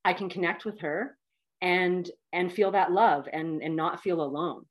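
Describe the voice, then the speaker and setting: A woman's voice: fairly low pitch, measured pace. Heartfelt woman in her fifties. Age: 50s. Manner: heartfelt, animated storytelling with many fillers. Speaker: guest. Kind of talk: personal storytelling in conversation.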